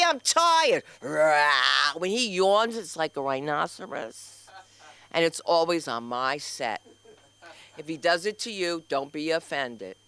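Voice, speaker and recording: A woman doing a stand-up comedy set and hosting an open mic, loud and animated, acting out the people in her stories. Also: medium pitch, no room sound. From New York. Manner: loud, animated storytelling with acted-out quotes. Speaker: comedian and host. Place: small comedy club stage.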